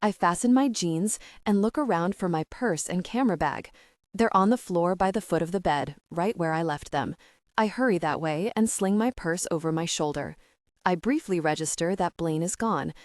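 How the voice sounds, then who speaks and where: A woman narrating a first-person romance audiobook in a steady, even reading voice. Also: lowish voice, moderate pace, no echo, studio quality.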